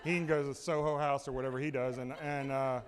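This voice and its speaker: A man voicing his fiancee as a calm, firm, practical young woman, a bit lower and softer than his own voice. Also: fast, close to an everyday voice. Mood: unconvinced.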